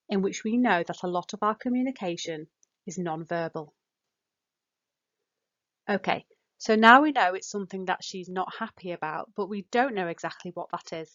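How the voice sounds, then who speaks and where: A woman calmly narrating practical guidance for parents as a speech and language therapist, in a measured, instructive way. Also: mid-range voice. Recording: dull, muffled voice-over.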